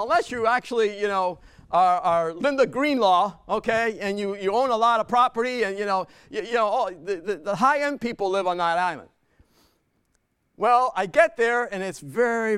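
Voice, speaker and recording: A man's voice: high voice, a bit bright, smooth, no echo. A man telling a personal story to a live audience in a chatty way, repeating words, laughing and asking the crowd questions.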